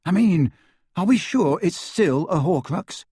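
A man voicing an excitable, fretful young man who gets high and loud. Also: fast talker, gravelly, husky, no room sound, studio quality, exaggerated voice.

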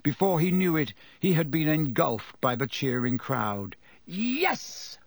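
A man giving lively, dramatic audiobook narration. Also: medium pitch, normal speed, dry recording.

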